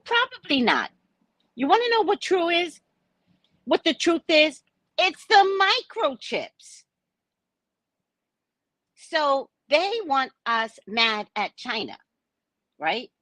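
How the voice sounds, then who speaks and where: A woman hosts a casual livestream chat, her voice sitting fairly high and swinging widely as she talks. She is theatrical and animated, acting out the people she quotes. The sound is close and dry. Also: slow pace, pauses often, no echo. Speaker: psychic livestream host.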